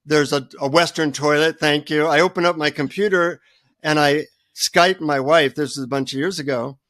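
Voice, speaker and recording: Animated man telling a story. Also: on the high side, moderate pace, no echo, studio quality. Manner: animated, self-deprecating storyteller. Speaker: guest author. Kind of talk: storytelling in a radio interview.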